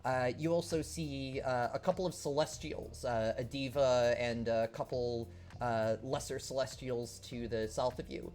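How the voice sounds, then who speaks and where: A man's voice: mid-range voice, fairly even intonation, unhurried, a little mellow, a little hiss or hum. Guy running a tabletop game, ums and likes everywhere. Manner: rambling, lots of fillers. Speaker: game master.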